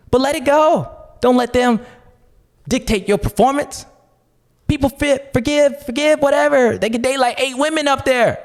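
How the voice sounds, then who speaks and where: Animated man with a lively voice. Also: high voice, big-room sound. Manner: animated, slangy, joking. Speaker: podcast host. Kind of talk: casual podcast commentary.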